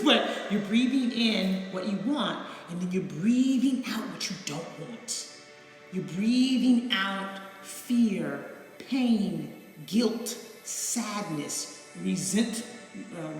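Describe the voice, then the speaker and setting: Blunt chatty woman explaining meditation, lots of echo, soft music behind. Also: fairly low pitch. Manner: candid and chatty, blunt with mild swearing. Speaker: counselor teaching meditation. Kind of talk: casual live video instruction. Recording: echoey room with long reverb and faint music.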